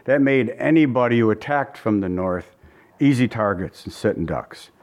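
A man's voice: medium pitch, animated, normal speed, a little mellow, highs cut off. Man, pastor, verse-by-verse bible teaching, folksy, conversational, repetitive phrasing.

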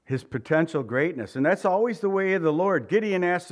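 A man's voice: sits high, expressive, brisk. A middle-aged man preaching a sermon in a casual, conversational way, joking and chuckling between points. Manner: informal and joking, with chuckles and asides. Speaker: pastor.

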